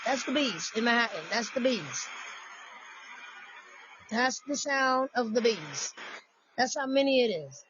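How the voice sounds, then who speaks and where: A high-pitched woman vlogging with sassy, animated commentary aimed right at her viewers. Her voice comes through dry and close, with a dull, slightly lo-fi sound. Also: husky, dry recording. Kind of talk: casual commentary on news.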